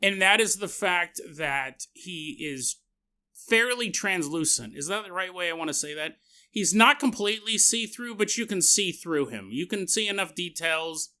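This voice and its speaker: A man hosting a podcast, telling a story in a casual, animated, jokey way and acting out the sound effects and the quotes himself. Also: high-pitched, normal speed, clear, resonant tone. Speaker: podcast host.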